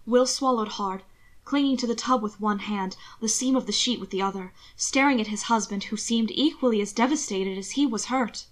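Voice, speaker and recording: A woman narrating an audiobook reading of fan fiction with expressive, measured storytelling. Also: a little high.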